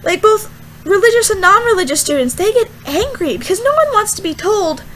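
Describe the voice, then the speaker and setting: A young woman, a student, rambling casually through a Bible verse vlog with lots of fillers and animated asides. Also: extremely high pitch, fairly quick, slight background noise, rough recording. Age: young adult. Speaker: student vlogger.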